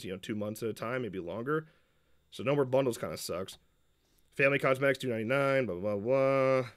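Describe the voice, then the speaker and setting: A young male streamer with a bright, forceful voice talks through a game update in casual, rambling commentary. He is opinionated and keeps restarting his sentences as he thinks aloud, at an ordinary mid-range pitch. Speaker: streamer reacting to a developer Q&A.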